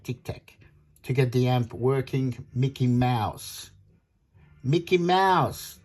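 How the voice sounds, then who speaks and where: Indignant middle-aged man from Australia, husky voice, repetitive ranting monologue. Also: medium pitch, darkish tone. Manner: indignant, repetitive, retells phone calls with quoted voices. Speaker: audio kit seller.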